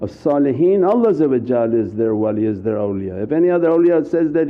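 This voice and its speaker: A man's voice: mid-range voice, very animated, quick pace, hardly any pauses. A man giving an earnest, repetitive Sufi sermon, sometimes acting out anxious inner voices. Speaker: Sufi preacher. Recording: muffled lo-fi recording.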